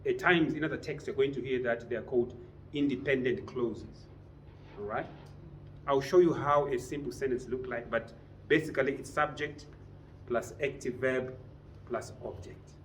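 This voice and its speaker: A man's voice: medium pitch, normal speed, a little hiss or hum. Man lecturing a class, quizzing them. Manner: quizzes the class with frequent questions. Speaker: business writing trainer. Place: training room with a class.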